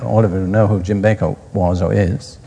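A man's voice: low voice, steady tone, moderate pace, gravelly, dark tone, slightly rough. A man preaching a sermon, reading scripture aloud and then explaining it in plain words, recorded in a reverberant hall.

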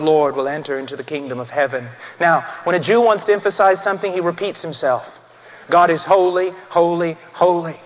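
A man preaching an impassioned sermon, swinging from hushed, solemn passages to ringing, shouted emphasis. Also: sits high. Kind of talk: fiery sermon. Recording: dull sound in a reverberant church hall.

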